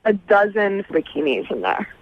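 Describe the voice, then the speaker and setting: A woman calling in to a radio show, hesitant at first and sharp when pushed. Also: mid-range voice, very animated, normal speed. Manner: hesitant, then sharp and indignant. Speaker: caller. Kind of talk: phone call on a radio show. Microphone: telephone. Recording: muffled phone line.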